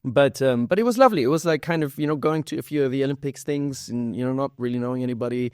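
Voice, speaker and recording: A relaxed male voice actor from Germany talks in an easygoing podcast chat. His native German colours his English with a faint Cologne accent, and he laughs often and trips over restarts. The sound is close and dry, with no room around it. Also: medium pitch, quick pace, smooth, dry recording. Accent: slight German, Cologne. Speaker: voice actor guest. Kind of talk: casual podcast interview.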